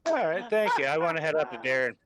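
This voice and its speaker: A man's voice: fairly high pitch, big pitch swings, quick pace, a crowd in the background. A man playing his character in a tabletop game, casual and chatty. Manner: casual, laughs a lot. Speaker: player.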